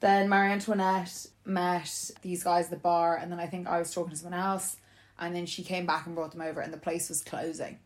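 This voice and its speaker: A young woman telling a story in casual chat, animated and laughing often as she acts out what people said. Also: lowish voice, a little fast.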